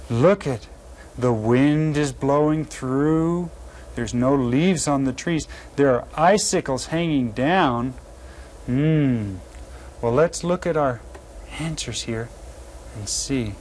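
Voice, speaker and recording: A man teaching an elementary Spanish lesson, saying Spanish phrases slowly and clearly in a friendly, encouraging teacher manner. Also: mid-range voice, darkish tone, slight background noise. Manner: slow, carefully enunciated Spanish phrases for learners.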